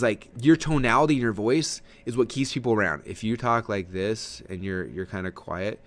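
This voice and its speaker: A man giving a casual webinar lesson on marketing, talking with lots of energy and letting his voice swing high and low for emphasis, with frequent fillers and restarts. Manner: energetic, fast, swooping pitch for emphasis. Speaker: marketing trainer.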